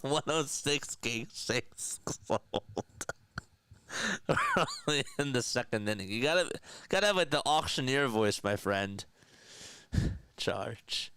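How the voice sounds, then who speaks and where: A man hosting a casual live play-by-play stream, chatting with viewers and answering their comments between pitch calls. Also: a bit bright, clear, resonant tone, dry recording. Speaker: livestream play-by-play host.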